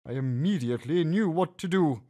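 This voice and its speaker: A man's voice: a little high, moderate pace. A man reading a humorous family story aloud, putting on voices for the characters. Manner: animated, puts on voices for the characters. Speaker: story narrator.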